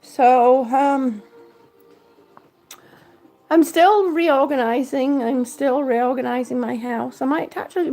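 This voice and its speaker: A woman's voice: sits high, unhurried, warm tone. A woman chatting casually on a live-stream vlog from her home, thanking viewers by name. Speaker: vlogger. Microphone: phone or camera held by hand.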